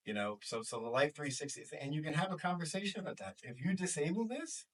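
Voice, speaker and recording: A man's voice: a little high, fast talker. A man in his forties from New York with a New York accent, a school counselor talking to a small group and acting out quoted voices. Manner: animated, acts out quoted voices. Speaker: school counselor and life coach. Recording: voice from far off the mic.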